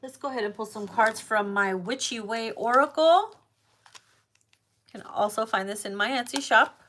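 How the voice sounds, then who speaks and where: A woman's voice: a little high, normal speed, a bit bright, a little hiss or hum. A woman giving a casual tarot card reading who talks straight to her viewers, blunt and full of swearing. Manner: profane, blunt and emphatic. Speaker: tarot reader.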